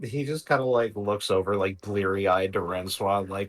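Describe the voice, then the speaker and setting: A man's voice: fairly low pitch, fairly even intonation, normal speed, faint music behind. A man joking with his group while playing a tabletop game. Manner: joking, storytelling for his character. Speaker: player.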